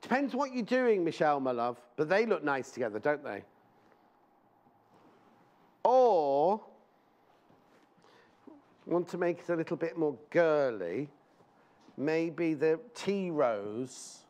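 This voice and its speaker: A man's voice: fairly high pitch, sing-song, slow, pauses often, darkish tone, lo-fi sound. A man presenting a live shopping show in a TV studio, chatting in rambling anecdotes and speaking fondly to viewers.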